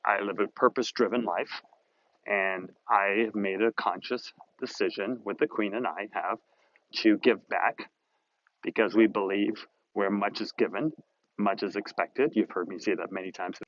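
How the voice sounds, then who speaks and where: A lowish male voice at normal speed comes through in lo-fi sound. The speaker hosts a motivational video series from Southern California, and in this casual monologue to the camera he's upbeat and conversational, drifting a bit while retelling a chat he had.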